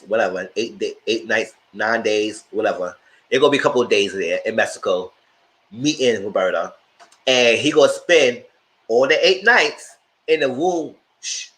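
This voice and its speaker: A man hosting a live show, giving animated, opinionated commentary on reality TV and talking straight to his viewers. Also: mid-range voice. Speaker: host reviewing reality TV.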